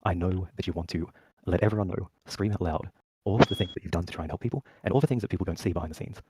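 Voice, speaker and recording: Man, calm mediator on voice call; low, husky, fast but steady. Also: no echo, rough recording. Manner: calm, measured, counseling. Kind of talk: voice-chat discussion.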